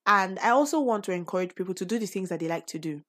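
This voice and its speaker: A woman's voice: medium pitch, expressive, fast, fairly bright tone. A woman with a Nigerian accent hosting a personal podcast, speaking earnestly and encouragingly with sudden emphatic bursts. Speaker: podcast host.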